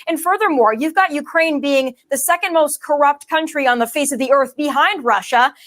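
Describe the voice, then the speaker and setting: A woman's voice: sits high, moderate pace, fairly bright tone. A woman political commentator in a televised debate, firing off emphatic talking points over a remote video link.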